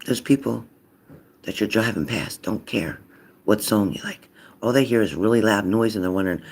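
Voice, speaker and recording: A man giving a casual card reading, acting out loud quotes and dropping into whispers. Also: on the low side, normal speed. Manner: animated, acts out loud and whispered voices. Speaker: psychic card reader.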